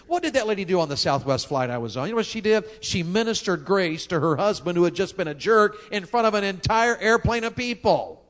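A man preaching a sermon, driving his points home with rhetorical questions. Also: high voice. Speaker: pastor.

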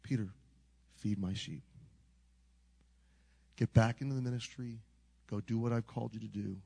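A preacher's soft, slow, gentle Lord. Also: male voice, on the low side, steady tone, gravelly, slightly rough, dry recording. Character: gentle, forgiving male Lord speaking to a disciple.

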